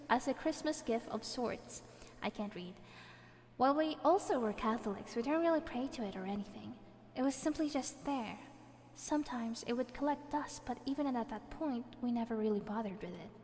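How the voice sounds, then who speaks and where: A woman's voice: high-pitched, a little hiss or hum. A woman, reading a viewer's horror story on a live stream, playful and breaking in with laughing comments. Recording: reverb effect added, faint background music.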